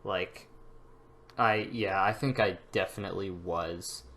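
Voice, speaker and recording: A man's voice: sits low, fairly even intonation, takes it slowly, creaky, a bit bright, slight background noise. Young man rambling through stories. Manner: rambling, frequent fillers and restarts, laughs at own stories. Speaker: vlogger. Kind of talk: casual storytelling.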